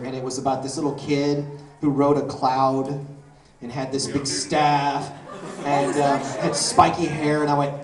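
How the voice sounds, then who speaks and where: A man in his forties, a voice actor guest telling jokey, animated stories at a convention panel Q&A. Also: fairly high pitch. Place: large convention panel room. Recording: echoey hall from far off with crowd. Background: audience laughing and murmuring.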